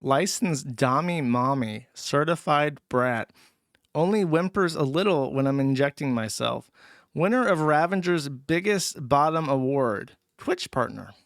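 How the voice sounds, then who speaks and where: A man's voice: a little high, lively intonation, unhurried, creaky, dry recording, studio quality. A man casually chatting on a livestream, reading out donations with crude, sarcastic remarks.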